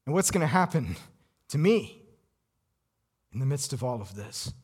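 An actor playing an anxious Roman governor in a dramatic first-person monologue, intense and full of rhetorical questions. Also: male voice, mid-range voice, sing-song, normal speed, a little mellow, slightly rough. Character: anxious Roman governor, a cornered middle-aged man.

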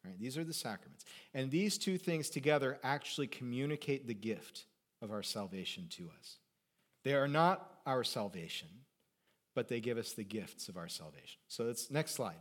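A male pastor preaching a sermon, animated, swinging between loud emphasis and quiet conversational asides, joking with his congregation. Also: mid-range voice, moderate pace.

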